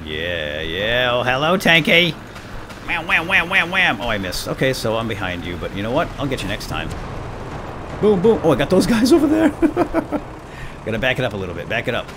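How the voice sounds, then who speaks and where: A man giving casual, excitable gameplay commentary, joking with his teammates as he plays. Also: on the low side, background noise. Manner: excitable, jokey, talks to teammates. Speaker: let's play gamer. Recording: game music behind voice.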